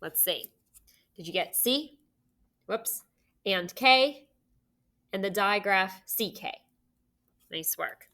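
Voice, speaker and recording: A woman's voice: mid-range voice, lively intonation, slow pace, pauses often, sharp tone. A young woman teaching a recorded phonics lesson for children, patient and encouraging, sounding out words and letters.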